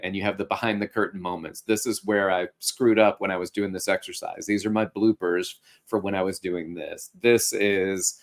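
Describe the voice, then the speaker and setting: A man's voice: deep voice, steady tone, moderate pace, few pauses. A middle-aged man hosting a podcast, giving casual, upbeat coaching advice with a joking streak. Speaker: podcast host and fitness instructor.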